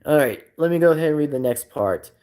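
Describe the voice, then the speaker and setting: A man's voice: a little high, animated, quick pace, darkish tone. A man hosting a casual live stream, reading chat aloud and rambling with many repeats and fillers.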